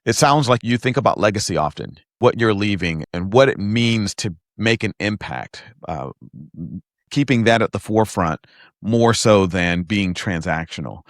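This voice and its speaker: A man hosting a podcast interview in a relaxed conversational way, often affirming his guest. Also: lowish voice, moderate pace, dry recording, clean studio sound. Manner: affirming, conversational, frequent "mm" and "yeah". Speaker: podcast host. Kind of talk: casual interview chat.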